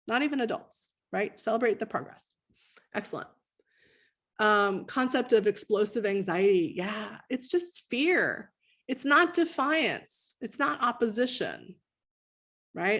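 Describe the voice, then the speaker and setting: Reading viewers' comments aloud, a middle-aged woman gives parents coaching in a live talk. When she models how to praise, her animated voice springs up high.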